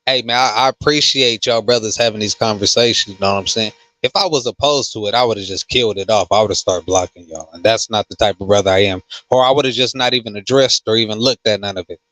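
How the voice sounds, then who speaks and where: A man who hosts a casual livestream and reads comments, talking slowly with many fillers and restarts. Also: on the low side, fairly bright tone, dry recording. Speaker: host.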